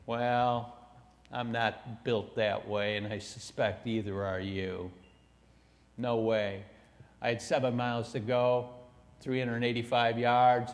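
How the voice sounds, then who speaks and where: Man, motivational keynote, slow deliberate delivery, emphatic, long hall echo. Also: medium pitch. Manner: emphatic and animated, swings between loud and hushed. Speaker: motivational speaker. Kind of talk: storytelling keynote speech. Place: conference hall.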